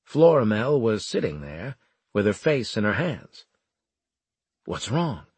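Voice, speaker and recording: A man reads a first-person story in a steady, wry way. His voice is strongly raspy and husky, and his pitch sits in the low middle. The recording is dry and close. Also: a little slow, no room sound. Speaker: audiobook narrator. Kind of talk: first-person scripted narration.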